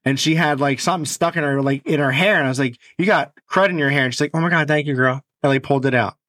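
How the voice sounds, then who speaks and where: A man co-hosting a casual podcast, telling stories in a blunt, animated way. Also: mid-range voice, rapid-fire, no echo, studio quality. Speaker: podcast co-host.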